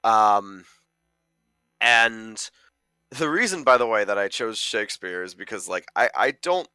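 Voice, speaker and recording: Young man, podcast co-host, casual rambling chat, lower voice, bright tone, dry close mic. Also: lively intonation, measured pace, clean tone, no echo. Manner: rambling, lots of fillers. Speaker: podcast co-host, amateur film critic.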